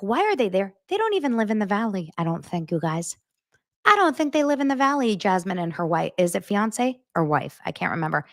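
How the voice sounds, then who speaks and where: A woman hosting a podcast, chatting casually and animatedly about reality TV, often turning to her listeners. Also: medium pitch. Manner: chatty, animated, talks straight to her audience. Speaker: podcast host. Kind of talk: casual gossip chat.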